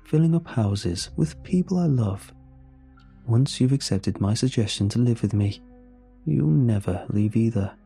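A man voicing an eerie inhuman creature that speaks gently and possessively in a horror story reading. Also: mid-range voice, lively intonation, measured pace, vocal fry, husky, soft background music, exaggerated voice.

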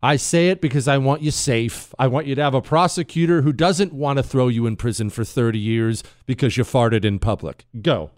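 A male talk show host speaks with a smooth, resonant voice into a close studio mic. The sound is dry and without room echo. He talks with emphatic sarcasm, swinging between mock glee and flat scorn. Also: mid-range voice, normal speed, hardly any pauses. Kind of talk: opinion talk show monologue.

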